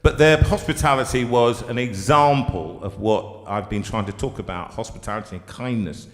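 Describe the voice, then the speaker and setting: A man's voice: mid-range voice, moderate pace. A man from the south of England hosting a live music stream, chatty and self-mocking, laughing often as he tells stories. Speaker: singer and concert host. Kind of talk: casual live-stream chat. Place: music room. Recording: echoey room with long reverb.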